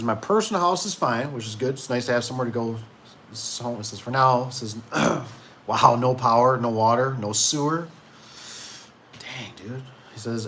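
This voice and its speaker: This is a casual, chatty young man who rambles through a story, circles back on his own words and jumps up in pitch when he acts out what people said. His voice sits at an ordinary middle pitch. A faint hiss of noise stays under the recording. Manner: rambling, self-interrupting, animated when quoting people. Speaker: garage door business owner and stream host. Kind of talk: casual storytelling and reading chat on a live stream.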